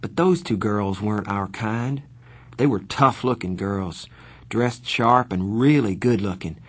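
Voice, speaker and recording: A man narrating a novel in the first person, earnest and measured. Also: on the low side. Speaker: audiobook narrator.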